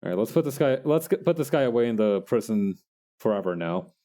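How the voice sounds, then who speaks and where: A young man casually chatting while he makes digital art, self-mocking and quick to laugh. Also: on the low side, lively intonation, warm tone. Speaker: digital artist streamer. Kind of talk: casual narration while drawing.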